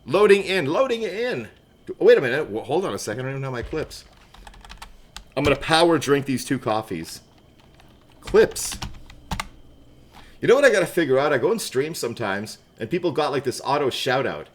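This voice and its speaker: Chatty, animated man streaming games. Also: medium pitch, normal speed, long pauses. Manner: chatty, laughs often, greets chat by name. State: wired on coffee. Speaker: livestream gamer. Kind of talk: casual livestream chat.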